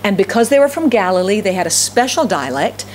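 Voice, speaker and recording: A woman's voice: medium pitch, sing-song, brisk, a little hiss or hum. A middle-aged woman pastor with a Southern US accent, preaching a sermon and telling stories, often repeating phrases for emphasis. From Southern United States.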